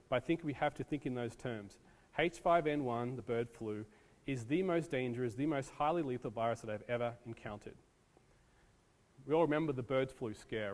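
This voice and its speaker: A man giving a casual lecture on disaster preparedness to an audience, with many ums, from the United States. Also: mid-range voice. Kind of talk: classroom lecture. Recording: long reverb in a hall.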